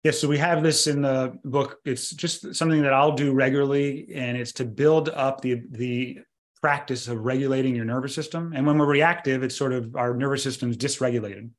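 A middle-aged man, a doctor, explaining in a calm conversational way on a podcast. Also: medium pitch. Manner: calm explanatory, slows for guided breathing. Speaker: doctor and co-author.

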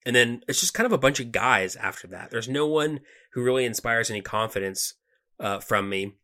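A man's voice: mid-range voice, brisk. A man co-hosting a sports podcast, talking casually with lots of fillers and restarts. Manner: relaxed, conversational, frequent fillers and restarts. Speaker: podcast co-host.

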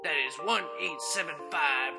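A man reading a spoof commercial voice-over with a mock-earnest pitchman delivery. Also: moderate pace, gravelly, over loud music. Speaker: announcer in a parody ad. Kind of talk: comedic parody commercial voice-over.

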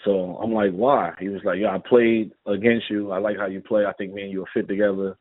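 A former basketball player, middle-aged with a New York accent, talks fast in a lowish voice. As a guest in a casual interview, he tells anecdotes and animatedly acts out the conversations in them. The recording has a tinny, phone-line quality.

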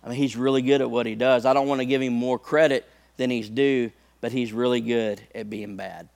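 A man's voice: mid-range voice, fairly even intonation, brisk, vocal fry, a little mellow. A male preacher delivering a sermon, talking conversationally to the congregation and building to impassioned peaks.

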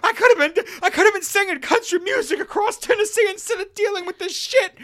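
A man voicing a panicking mother in a shrill, frantic, screaming falsetto while telling a story. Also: quick pace, fairly bright tone. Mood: panicked.

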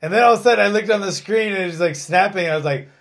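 A man hosting a casual chat, excitable and swearing freely. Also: high-pitched, rapid-fire.

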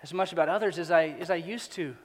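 A man preaching a sermon as pastor, dropping to near-hushed asides and rising to loud, emphatic, repeated phrases. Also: fairly high pitch, fast talker, in a large hall.

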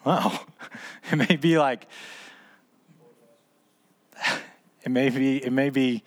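A man's voice: medium pitch, fairly even intonation, drawn-out words, long pauses. A man in his thirties or forties leading a small church discipleship group, teaching in a casual, conversational way and asking and answering his own questions. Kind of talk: casual teaching talk ending in prayer.

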